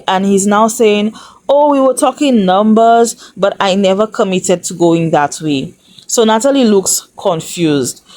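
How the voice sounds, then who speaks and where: Sassy woman recapping reality TV. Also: mid-range voice. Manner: sassy, chatty, talks straight to viewers. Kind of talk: casual recap commentary.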